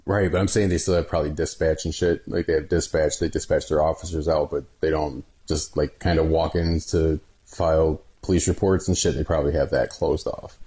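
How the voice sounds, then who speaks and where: Very deep, flat-voiced man. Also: fairly quick, hardly any pauses. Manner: calm, matter-of-fact, swears casually. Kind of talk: casual chat.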